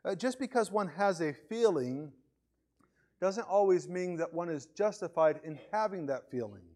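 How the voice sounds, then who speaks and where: A man's voice: high voice, lively intonation, moderate pace, darkish tone. A man preaching a sermon in a conversational way, often repeating words as he starts a phrase. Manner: acts out voices of others in his examples.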